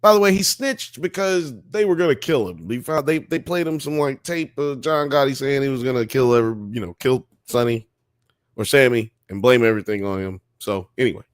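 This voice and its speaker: A man's voice: medium pitch, brisk, dry recording, studio quality. A young man from Alabama, hosting a casual livestream and rambling through a story with plenty of swearing and sound effects. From Alabama, US South. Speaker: livestream podcast host.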